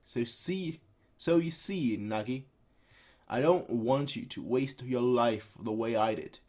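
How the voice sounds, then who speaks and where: A man's voice: mid-range voice, slow, darkish tone. Man reading as a weary old retainer with regrets. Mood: persuasive. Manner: earnest, lecturing.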